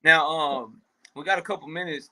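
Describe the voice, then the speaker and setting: Bright-voiced casual man. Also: fairly high pitch, moderate pace. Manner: loose, profane, thinking out loud with fillers. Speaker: boxing talk show co-host. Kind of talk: casual boxing chat.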